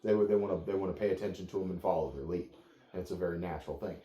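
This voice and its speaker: A man working as a dog trainer, explaining to clients in a calm, steady, plain-spoken way. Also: low voice, very fast, roomy sound, lo-fi sound.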